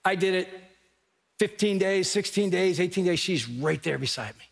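A middle-aged male pastor preaching a sermon, telling lively stories and speaking straight to his congregation in a large church auditorium. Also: high voice, moderate pace, vocal fry. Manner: animated storytelling, addressing the congregation directly. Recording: long reverb of a large hall.

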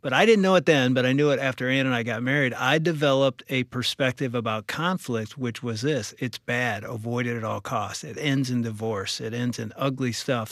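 A man in his sixties, a co-host telling a story in conversation, animated and self-mocking. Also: medium pitch, no room sound, clean studio sound.

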